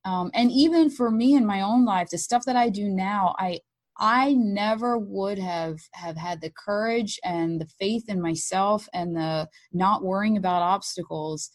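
A woman, a mother being interviewed, tells a personal story in an animated, candid way and acts out what she and others said. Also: lowish voice. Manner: animated and candid, acting out her own and others' words. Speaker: guest, mother of blind sons.

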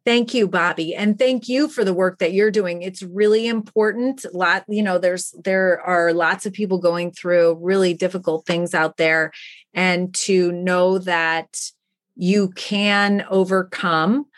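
A woman guest on a podcast, telling stories in an earnest, animated way about the work she does. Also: lowish voice, a little slow. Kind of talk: enthusiastic interview talk.

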